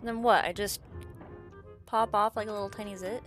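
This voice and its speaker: A woman doing let's play commentary on a game, excitable, swearing, shrieking and laughing as she plays. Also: medium pitch, moderate pace, faint music behind. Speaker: gaming video creator.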